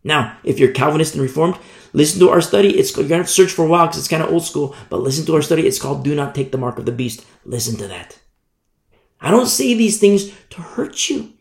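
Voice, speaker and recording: Male preacher, sermon, emphatic and repetitive, fairly high voice, echoey room.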